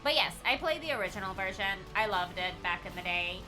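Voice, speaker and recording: A woman's voice: mid-range voice, expressive, fairly quick, over music. A young woman chatting casually to viewers on a live stream, tired and rambling, with bursts of bubbly squealed greetings.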